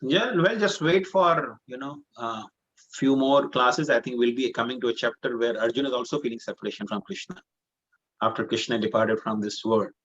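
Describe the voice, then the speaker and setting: A man at a middle pitch teaches a scripture class with earnest, patient repetition. He circles back to his point and fills gaps with "you know." The sound is dull and lo-fi. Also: moderate pace, a bit bright. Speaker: spiritual teacher.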